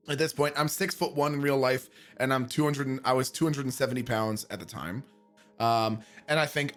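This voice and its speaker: A man casually telling a story as a streamer, animated and profane, sometimes bursting into shouts. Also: on the high side, fairly quick, faint music behind.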